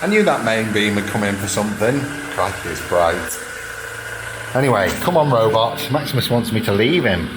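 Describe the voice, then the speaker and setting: Deep-voiced man chatting. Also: very animated, moderate pace, background noise. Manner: chatty, rambling DIY updates. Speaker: vlogger. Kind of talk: casual vlog narration. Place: van and house during a move.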